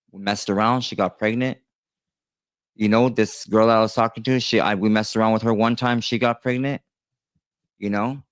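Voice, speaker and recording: Here the thirty-something tattoo artist uses a mid-range voice, recorded with no echo. He addresses his viewers straight on, wandering through a personal anecdote with plenty of fillers and false starts.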